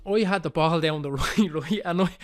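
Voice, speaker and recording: A man in his thirties with a Dublin Irish accent, telling a football story in casual chat on a podcast, animated and swearing freely. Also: on the high side, normal speed. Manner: animated, swearing, quoting others. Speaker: podcast host.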